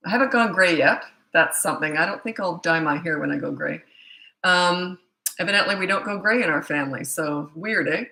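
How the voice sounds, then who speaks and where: A woman's voice: fairly low pitch, pushed and bright. A woman in her sixties from Canada, a parenting coach chatting casually on a live stream, rambling with fillers and self-corrections. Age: 60s. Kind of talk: casual live-stream chat reading viewer comments. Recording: echoey room.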